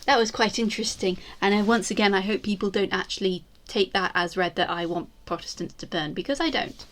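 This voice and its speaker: A woman's voice: medium pitch, brisk, a bit bright. Rambling, self-deprecating woman. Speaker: YouTuber ranking screen portrayals. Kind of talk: casual chat to camera.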